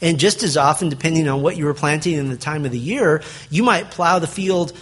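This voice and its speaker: A man with a slightly raised, husky voice delivers a sermon. He moves between reading scripture aloud and explaining it in an emphatic, conversational way. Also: a little high, a little fast. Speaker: pastor.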